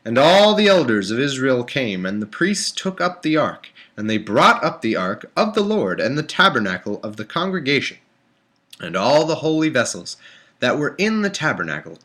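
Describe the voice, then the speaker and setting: Animated, bright-voiced sarcastic man reading aloud. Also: medium pitch, normal speed. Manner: exasperated, sarcastic, animated rants between flat reading. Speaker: livestream host reading scripture aloud. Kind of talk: casual live-stream reading with sarcastic commentary. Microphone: webcam or desktop mic.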